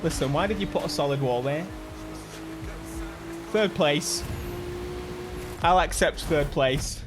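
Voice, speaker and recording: A man with an English accent giving excitable live commentary on a racing game, often yelping and shouting. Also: a little high, slow, over music. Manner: excitable, bursts into yelps and shouts. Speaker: gaming YouTuber.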